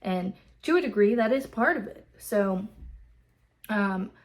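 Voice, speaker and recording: A woman's voice: medium pitch, lively intonation, measured pace. Lady recapping a book chapter for her book club, chill, lots of ums and f-words, regular mid voice. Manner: loose, swearing, filler-heavy retelling.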